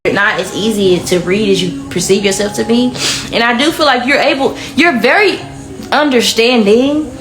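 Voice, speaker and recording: A woman's voice: on the high side, normal speed, a bit bright. A woman giving a casual pick-a-card tarot reading in a chatty, blunt, slangy way. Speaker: tarot reader. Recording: echoey room with faint music.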